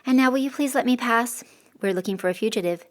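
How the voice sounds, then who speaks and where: A woman's voice: a little high, quick pace, pitched above the performer's own voice, natural voice. A woman voicing a condescending male soldier with a Western accent. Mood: officious. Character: smirking male soldier sergeant from the West.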